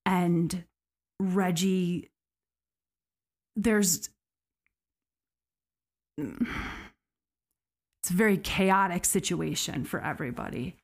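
A woman's voice: lowish voice, drawn-out words, vocal fry, long pauses, breathy edge. Casual woman telling a true story. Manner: conversational, with frequent fillers and restarts. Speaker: podcast host.

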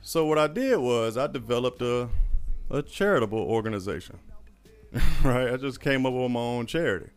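A man telling a story in a casual chat, animated and profane, often laughing. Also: mid-range voice, moderate pace, smooth, faint music behind.

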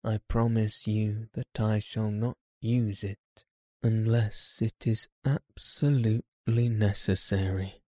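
A man reading as a calm, gentle detective. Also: on the low side, no room sound, clean studio sound. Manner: calm, measured speech. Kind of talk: audiobook reading.

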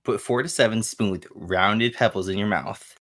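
A man's voice: lowish voice, moderate pace, a bit bright. A man co-hosting a casual gaming podcast, laid-back and hesitant, full of fillers as he recounts his play. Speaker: podcast co-host.

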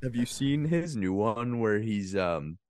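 A man with a low voice trades jokes on a casual podcast, laughing often and cursing freely. The sound is dry and close to the mic, with no room around it. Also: animated, measured pace, darkish tone, no room sound. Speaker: podcast co-host.

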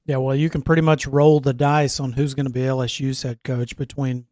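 A man's voice: medium pitch, flat delivery, a little fast, a little mellow, no echo, clean studio sound. A man hosting a sports podcast, leading the talk in a playful, laughing way. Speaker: podcast host. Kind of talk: casual sports chat.

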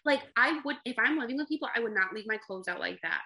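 High-voiced young woman, blunt and joking. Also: animated, fast talker, pushed and bright. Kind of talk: casual chat over video call. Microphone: video call.

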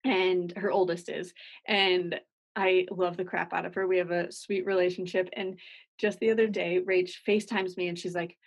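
A woman's voice: lowish voice, level tone, moderate pace. Chatty woman podcast host. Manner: casual, chatty, enthusiastic. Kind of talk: podcast interview.

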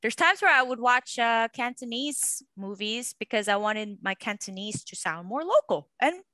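A woman's voice: a little high, expressive, normal speed, sharp tone, no room sound. A young woman from Macau co-hosting a casual podcast, rambling with many fillers. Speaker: podcast co-host.

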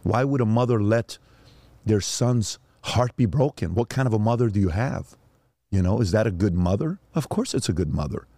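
A middle-aged man, a podcast guest, who tells animated stories and fires quick, blunt rhetorical questions in a preachy, motivational way. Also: lowish voice, no room sound, studio quality. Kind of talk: animated storytelling and rapid questioning.

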